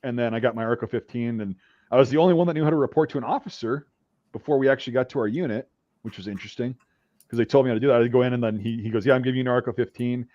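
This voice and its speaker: A man casually spinning a long profane anecdote, full of fillers and restarts. His voice is mid-pitched and sits in a dull, dry recording. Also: very fast, warm tone, dry recording. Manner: profane, rambling anecdote telling. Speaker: podcast host. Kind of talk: casual storytelling.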